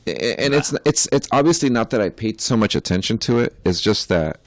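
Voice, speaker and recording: A man's voice: lowish voice, expressive, a little fast, no echo. A young adult man, a podcast co-host and musician, chatting casually in a rambling, profane way with many filler words.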